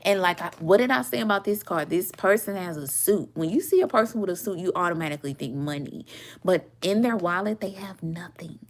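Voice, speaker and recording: Woman, mid-20s, tarot reader, casual storytelling, lively delivery, low-ish voice. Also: a little fast. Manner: animated, swearing, laughing often, acts out quotes.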